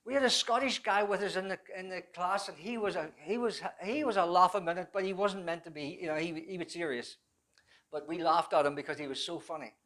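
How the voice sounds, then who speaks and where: An older man with a fairly high voice recounts his life story as a personal testimony. He rambles, stumbles and restarts often, and pokes fun at himself along the way. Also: fairly bright tone. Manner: rambling, halting with many restarts; self-deprecating humor. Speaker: church speaker giving his testimony.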